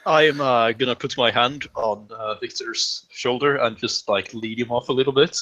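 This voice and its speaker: Male player, bright tone, easygoing, tabletop role-play. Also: medium pitch, moderate pace, poor audio.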